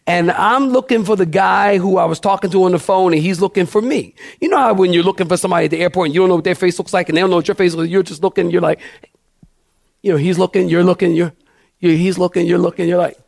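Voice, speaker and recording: High-voiced animated preaching man. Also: creaky, no room sound, studio quality. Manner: animated, acts out dialogue in a raised voice. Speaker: pastor. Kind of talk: storytelling sermon.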